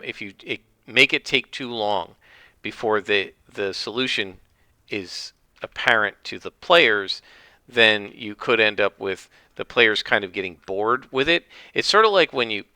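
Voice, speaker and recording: A man's voice: fairly low pitch, pushed and bright, smooth, no room sound. A man hosting a casual solo podcast, rambling and opinionated as he comments on a list. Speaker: podcast host.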